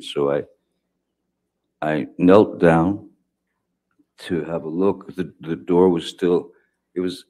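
A man testifying from the witness stand in a courtroom, his voice extremely deep and dark in tone. He talks slowly and haltingly, stopping and restarting his sentences and filling gaps with hesitant pauses. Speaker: trial witness.

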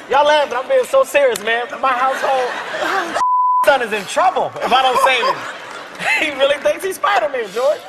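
High-voiced, animated comedian man. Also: moderate pace, a loud crowd. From Philadelphia. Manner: animated, laughing, yelling punchlines. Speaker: talk show guest. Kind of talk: comedic storytelling. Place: television studio with audience. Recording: loud studio audience laughter, noisy.

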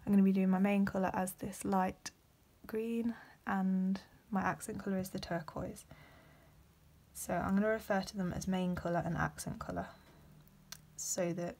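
A young woman, hosting a step-by-step beading tutorial in a soft voice that often drops to a whisper, with frequent ums. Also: mid-range voice, fairly even intonation, normal speed.

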